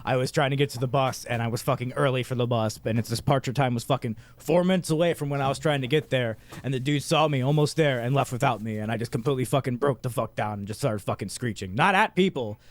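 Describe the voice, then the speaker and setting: A man's voice: mid-range voice, quick pace, few pauses. A man co-hosting a podcast, talking in casual chat and venting with heavy swearing. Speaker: podcast co-host.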